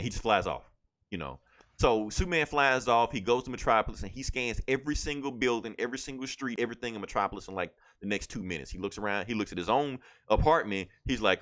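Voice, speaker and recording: A man's voice: medium pitch, animated, fast talker, fairly bright tone. A man casually recapping a comic book on a podcast, rambling with lots of fillers and quoted lines.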